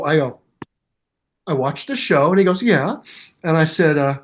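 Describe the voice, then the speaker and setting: An older man in his seventies tells a story as a guest musician, jumping between characters in lively voices. His voice sits a little high for a man. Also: moderate pace. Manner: acts out both sides of the story in voices, lively. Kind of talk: animated storytelling interview.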